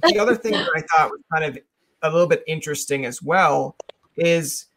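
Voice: mid-range voice, a little fast, fairly bright tone. A podcast host in a casual interview chat, playfully acting out imagined dialogue and swearing now and then.

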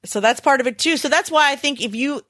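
A woman co-hosting a podcast in casual chat, telling stories animatedly and acting out a panicked child in high squeals. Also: quick pace, a bit bright, no echo, clean studio sound. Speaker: podcast co-host.

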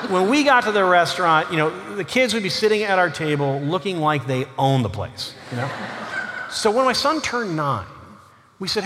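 A middle-aged man, an author, telling humorous family stories to a live audience in an animated, self-deprecating way. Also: high-pitched, normal speed, slight background noise. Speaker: author giving a lecture. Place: lecture hall on stage. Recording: reverberant lecture hall.

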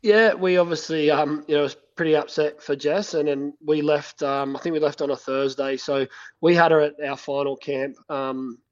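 A man talks in a halting, stop-start way, with plenty of fillers and restarts. His voice sits a bit high and stays flat in pitch. The sound comes over a dull, lo-fi phone line. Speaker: head coach of a national women's cricket team. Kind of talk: phone interview.

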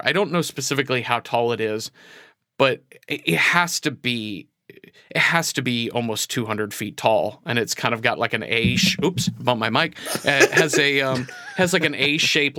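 A man's voice: mid-range voice, bright, forceful tone, no room sound, clean studio sound. A man from Texas chatting casually on a podcast, rambling with many fillers and easy laughs. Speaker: podcast co-host and writer. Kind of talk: casual chat.

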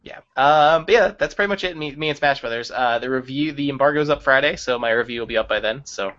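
A man's voice: mid-range voice, quick pace. Easygoing male game reviewer, lo-fi. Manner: relaxed, laughs easily, loose phrasing. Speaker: game reviewer, podcast guest. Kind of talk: casual chat about video games. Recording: dull lo-fi sound.

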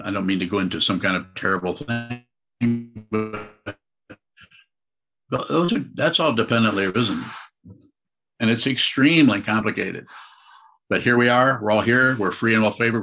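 Husky, bright-voiced male meditation teacher. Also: fairly low pitch, normal speed, pauses often, soft background music. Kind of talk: dharma talk answering questions.

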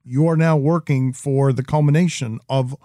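Podcast host guy, mellow warm tone, dry close mic, sums stuff up. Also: medium pitch, fairly even intonation, moderate pace, dry recording. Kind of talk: casual chat.

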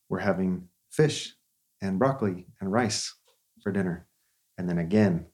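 A man's voice: deep voice, a little mellow. A therapist, a man in his thirties, telling a story in an earnest, conversational way with frequent restarts.

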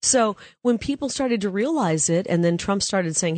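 A woman's voice: mid-range voice, lively intonation, normal speed, darkish tone, dry recording. Emphatic confident woman guest. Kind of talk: casual political interview.

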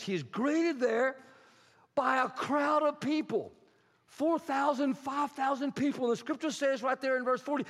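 High-voiced pastor preaching in a hall. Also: male voice, gravelly. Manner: storytelling, animated, rising to emphasis. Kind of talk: sermon. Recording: long hall reverb.

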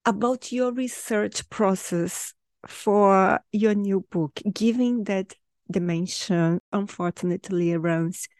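Female podcast host, very slow and measured, polite questions, dry close sound. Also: medium pitch, a little mellow, no echo. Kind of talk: interview questions.

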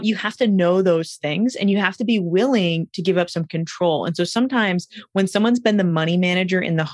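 A woman's voice: on the low side, no room sound, studio quality. A woman guest on a podcast interview, explaining her views with energy and telling stories with acted-out quotes. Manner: energetic storyteller, acts out quoted voices. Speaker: guest, money coach.

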